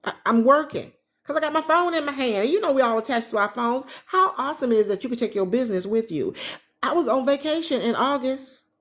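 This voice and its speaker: A retired woman hosting a casual livestream from her living room, chatting with viewers and reading their comments in a lively, animated way. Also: high-pitched, fairly quick. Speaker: travel agent business coach, livestream host.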